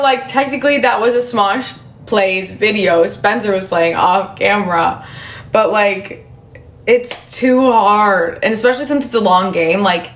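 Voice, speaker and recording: A woman's voice: mid-range voice, reverberant. A woman in her thirties hosting a casual livestream, chatting with viewers and answering their comments with lots of fillers. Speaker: livestream host.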